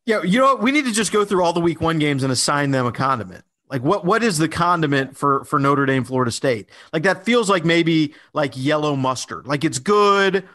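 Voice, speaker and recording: A man with a fairly high voice co-hosts a podcast in relaxed chat. He talks loosely, with lots of fillers and restarts. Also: brisk, hardly any pauses. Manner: conversational, many fillers and restarts. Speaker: podcast co-host.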